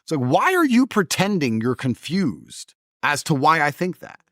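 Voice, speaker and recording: A man's voice: on the high side, wildly swooping pitch, moderate pace, fairly bright tone, dry recording, studio quality. A man talking as a podcast guest in a blunt, emphatic, mocking way. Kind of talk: podcast conversation.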